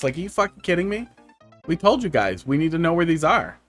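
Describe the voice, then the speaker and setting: Male game streamer, slightly high voice, wry rambling storyteller, light background music. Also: very animated, fast talker, a bit bright. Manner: rambling, profane, wry tech anecdotes. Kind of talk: casual live-stream chat. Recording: faint music underneath.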